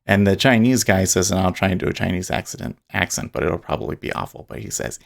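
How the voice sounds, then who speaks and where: A man's voice: deep voice, steady tone, quick pace, vocal fry. A man talking casually and rambling as he streams his live day trading, often restarting and chuckling. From Utah.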